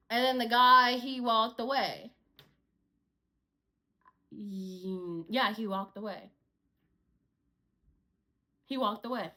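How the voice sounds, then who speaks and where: Bright high-voiced woman telling a story. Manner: animated, repetitive, swears while venting. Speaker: store cashier telling a work story. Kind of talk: casual storytime to camera.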